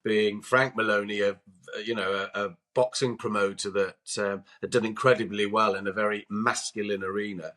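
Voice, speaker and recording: A man in a podcast conversation telling a long anecdote, animated and acting out the lines of the people in it. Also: fairly low pitch, moderate pace. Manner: animated, acts out quotes. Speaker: podcast co-host and guest. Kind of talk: anecdotal storytelling.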